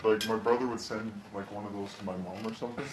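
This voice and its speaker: A man's voice: lowish voice, steady tone, quick pace. A man co-hosting a podcast, talking casually with friends in a shy, self-conscious way. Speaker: podcast co-host. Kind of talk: casual chat among friends. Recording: echoey room with loud noise.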